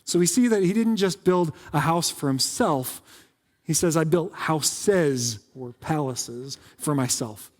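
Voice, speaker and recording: A man preaching in a church, his voice sitting a little high and trailing off into a long reverb. He talks casually, tossing in jokes and quick asides as pastor. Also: a little mellow. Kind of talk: conversational sermon. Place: church sanctuary.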